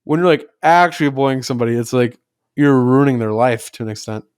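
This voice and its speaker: A young podcast co-host rambles through stories in casual chat, saying "like" constantly and swearing freely. His mid-range voice is clean and quick, recorded dry at studio quality.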